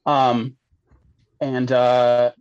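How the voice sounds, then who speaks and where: A man's voice: mid-range voice, completely flat delivery, drawn-out words, a little mellow, clear, resonant tone, no echo, lo-fi sound. A young man telling a story as a podcast guest, casual and rambling, laughing often and saying "like" a lot.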